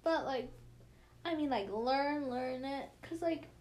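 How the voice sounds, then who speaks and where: A young woman from the United States tells stories in a casual chat with friends. Her voice sits high, and she has a slight lisp. She rambles through her tales with plenty of fillers and easy laughter. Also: slow, a little mellow.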